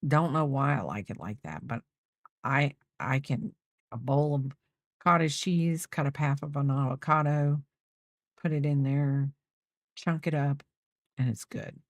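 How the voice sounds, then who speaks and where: In a clean, studio-quality recording with no room sound, a middle-aged woman talks with viewers of her crochet channel while working, answering them and rambling off partway through sentences. Her pitch is extremely low, and she keeps a measured pace with frequent pauses.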